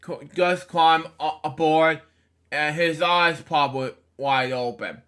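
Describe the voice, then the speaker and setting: A man reads a children's storybook aloud, stumbling and restarting words and tossing in casual comments as he turns pages. His voice is bright and a little high, and he takes it slowly. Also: clear, resonant tone. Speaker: storybook reader. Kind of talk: reading a children's book aloud with asides.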